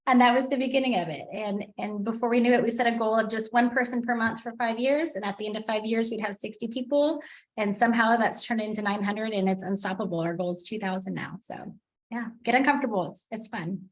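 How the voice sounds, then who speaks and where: A woman's voice: on the high side, brisk, echoey room. A woman who leads a real estate team tells her story as a guest on a video call, chatty and upbeat.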